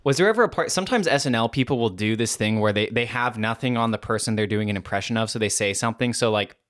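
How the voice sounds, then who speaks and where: A man's voice: on the low side, fast, a bit bright, no room sound, clean studio sound. A man co-hosting a podcast, chatting casually in a rambling, self-correcting, jokey way. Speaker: podcast co-host. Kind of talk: casual chat.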